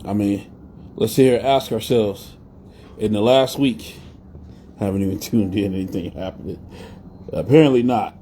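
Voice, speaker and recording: Male host, live stream; blunt and cursing, rambling, mellow dark tone, faint hiss. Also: fairly low pitch, moderate pace, pauses often. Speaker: podcast host. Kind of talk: casual live-stream rant.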